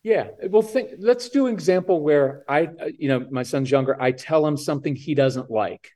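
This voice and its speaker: A man's voice: fairly high pitch, moderate pace. A man on a podcast as a parenting coach guest, talking casually and acting out what kids and parents say. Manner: animated, acts out kids' and parents' lines.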